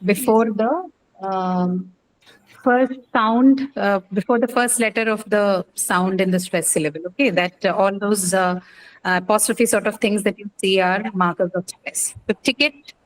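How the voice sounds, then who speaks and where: A woman's voice: mid-range voice, unhurried, rough recording. Woman teacher, patient quizzing tone, lots of fillers, faint background hiss. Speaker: English phonetics teacher. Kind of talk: online class lecture.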